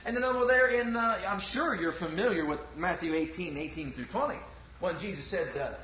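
A man's voice: high voice, fairly quick, slight background noise. A man preaching a fervent sermon, firing rhetorical questions at the congregation and calling for amens. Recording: echoey, dull lo-fi church recording.

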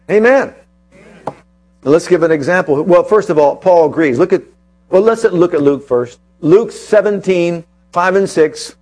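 A man's voice: sits high, animated, normal speed, a little mellow. A man preaching a sermon to his congregation, quoting scripture and asking emphatic rhetorical questions.

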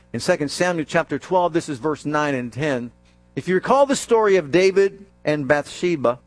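Preacher with a higher voice, dry sound. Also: male voice, no echo. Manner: calls out questions to the congregation and answers them; slows and stresses key words, dropping low for emphasis. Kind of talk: sermon reading scripture aloud.

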